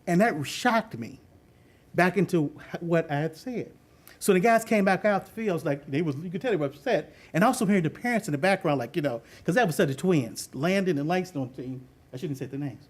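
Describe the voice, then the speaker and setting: High-voiced man telling a coaching story. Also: brisk. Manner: animated, laughing often, acts out quoted voices. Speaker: youth football coach and speaker. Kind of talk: storytelling talk on leadership.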